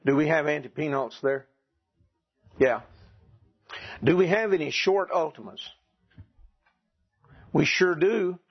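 Southern male teacher, slow, husky voice, dull lo-fi classroom tape. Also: on the high side. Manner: slow, deliberate, drills pronunciation. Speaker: Greek teacher. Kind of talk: classroom lecture.

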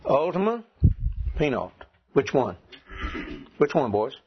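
A man teaching a classroom lesson, asking his students questions and clearing his throat now and then. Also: medium pitch, very animated, slow pace. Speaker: Greek teacher. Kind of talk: classroom lecture. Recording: dull lo-fi classroom recording.

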